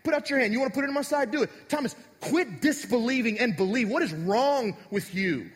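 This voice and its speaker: A man's voice: extremely high pitch, expressive, fairly quick, voice pushed up. A man voicing an impatient, scornful figure who barks orders at a doubter. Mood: angry, scolding. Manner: barking, scornful, pushy. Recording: echoey hall.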